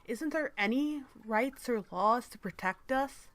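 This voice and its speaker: A woman's voice: on the high side, very animated, unhurried, few pauses, a bit bright. A woman reading an article aloud and commenting on it in a sarcastic, mock-innocent manner.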